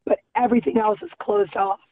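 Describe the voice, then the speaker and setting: Woman caller, hoarse, halting and shaken, phone-line sound, dry and tinny. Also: medium pitch, fairly even intonation, no echo. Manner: halting, shaken, many restarts. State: losing voice. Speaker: caller, festival bartender. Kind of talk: emotional phone-in account. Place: in a car heading home.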